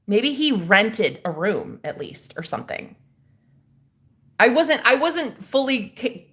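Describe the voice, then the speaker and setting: Animated, cussing young woman vlogger. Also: mid-range voice. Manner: animated, profane storytelling with slang. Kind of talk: storytime vlog.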